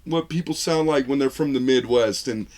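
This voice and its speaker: A man's voice: medium pitch, moderate pace, a little mellow, slight background noise. Guy cohosting a movie review podcast, rambly, puts on little voices retelling scenes. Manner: rambling, laughs at his own jokes, mimics voices when retelling. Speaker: film review podcast co-host. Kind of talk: casual chat.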